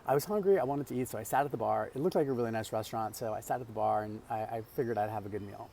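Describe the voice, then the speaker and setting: A man's voice: fairly low pitch, racing, vocal fry, few pauses, warm tone, a little hiss or hum. A man hosting a casual vlog, telling a travel story in a chatty way with many fillers and restarts. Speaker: vlog host. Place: traveling abroad, outdoor ambience.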